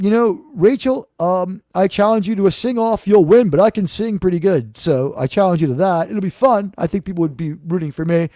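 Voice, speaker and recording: A man's voice: sits high, warm tone, dry recording, clean studio sound. A man hosting a live-stream talk show, rambling and brash in a casual monologue that slips into swearing. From New York, USA.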